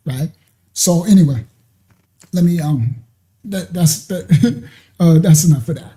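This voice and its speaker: A man with a warm, high-leaning voice takes his time, leaving long pauses, as he gives a rambling religious teaching on a live stream. He keeps checking whether listeners understand, repeatedly asking "you understand?"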